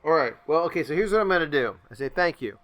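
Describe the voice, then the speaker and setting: A man's voice: a little high, quick pace. A man playing a tabletop role-playing game, joking and rambling between his character's moves. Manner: joking, rambling, animated asides. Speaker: player. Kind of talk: casual tabletop game play.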